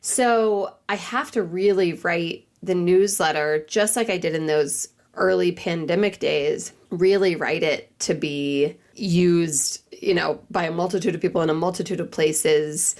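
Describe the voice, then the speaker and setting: A woman in her thirties talks casually as a podcast guest. Her voice sits on the low side. She piles up asides and acts out her own thoughts in quotes. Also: unhurried, few pauses, darkish tone. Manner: chatty, lots of "like" and quoted asides. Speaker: cookbook author and newsletter writer.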